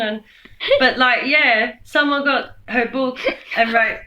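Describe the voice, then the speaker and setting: A woman talks in a rambling, heavily profane monologue, her voice high and bright. She swings from loud outbursts to low, flat mutters. The recording has a noticeable echo, as if made in a bare room. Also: moderate pace, dull audio. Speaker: vlogger giving a speech. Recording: echoey room.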